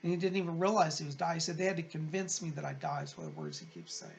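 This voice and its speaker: A man working as a psychic medium, reading viewer letters aloud and passing on spirit messages in a gentle, consoling, chatty way. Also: on the high side, expressive, very fast, creaky. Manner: gentle, consoling, chatty, calls listeners "hon".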